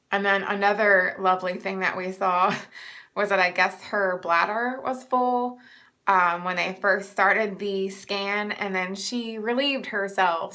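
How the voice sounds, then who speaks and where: A young woman talks casually to her viewers in a bright, clear-toned voice. She sounds a little stuffed up and short of breath, and she rambles along with plenty of ums. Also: medium pitch. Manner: chatty, rambling with many ums. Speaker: vlogger sharing pregnancy updates. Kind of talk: casual chat to camera.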